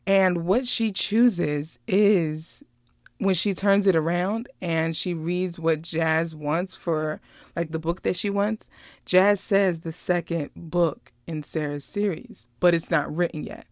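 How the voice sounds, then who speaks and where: A woman casually recapping a movie, chatty and animated, drifting into personal stories. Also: on the low side, slow pace, dry recording, studio quality. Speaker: vlogger reviewing a movie.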